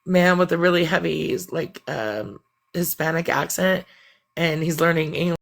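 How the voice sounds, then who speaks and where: A woman's voice: low-pitched, normal speed, creaky. A woman chatting bluntly and profanely on a live stream, rambling as she vents. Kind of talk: casual venting chat.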